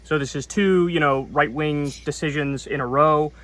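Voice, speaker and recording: A man's voice: a little high, steady tone, normal speed, fairly bright tone. Earnest male political commentator. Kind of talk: online news commentary.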